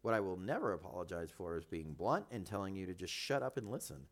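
A man's voice: low-pitched, expressive, fast talker. Man, pastor type co-hosting a podcast, blunt and emphatic. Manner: blunt, emphatic, repeats himself.

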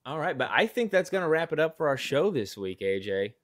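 A man's voice: on the high side, sing-song, brisk. An American man co-hosting a live-streamed chat show, talking casually and often stumbling over his words. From United States. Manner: hesitant, stumbling restarts. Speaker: podcast co-host.

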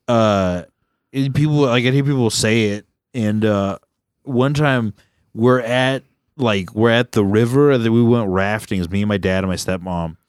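A man hosting a podcast with crude, joking, animated storytelling in casual chat. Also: on the low side, normal speed, clean tone, no room sound, studio quality. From Southern California. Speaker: podcast host, comedian.

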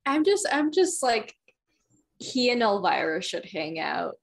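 A woman's voice: mid-range voice, very animated, a little slow, creaky. A woman co-hosting a podcast, dropping brief wry comments in casual chat. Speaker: podcast co-host.

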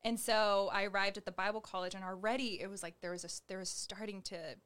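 A young woman with a mid-range voice shares her faith testimony with an interviewer, talking fast in a steady, fairly bright, clean tone. She's loose and chatty, dropping "like" into almost every phrase. She acts out the voices of people she quotes and gestures as she speaks.

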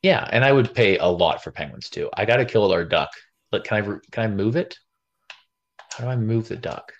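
A man's voice: lowish voice, fairly quick, muffled recording. A man co-hosting a podcast, chatting casually and jokingly, with many restarts. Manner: animated, joking, lots of restarts. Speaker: podcast co-host. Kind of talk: casual chat.

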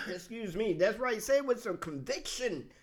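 A male host chatting casually in an interview, excitable and quick to laugh. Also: high voice, slight background noise.

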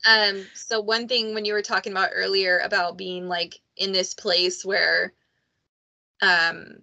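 A woman's voice: medium pitch, flat delivery, measured pace, creaky, bright, forceful tone. A woman hosting a podcast, talking candidly in a loose, conversational way, full of "like" and "you know". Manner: candid and conversational, many fillers like "like". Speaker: podcast host.

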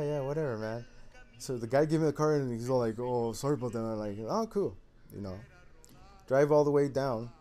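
Guy rambling on his channel, average voice, lots of man and you know, soft music behind. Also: medium pitch. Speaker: video host. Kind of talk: casual monologue commentary.

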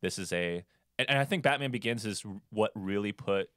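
Deep-voiced man chatting about films. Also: brisk, a bit bright, no echo, studio quality. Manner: rambling, with many fillers and restarts. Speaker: podcast co-host. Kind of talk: casual movie discussion.

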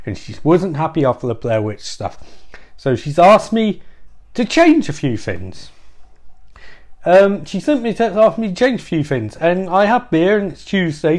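A man's voice: sits high, darkish tone. Rambling comic podcast host, a man. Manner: rambling and self-interrupting, with swearing and asides. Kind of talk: rambling comedic monologue.

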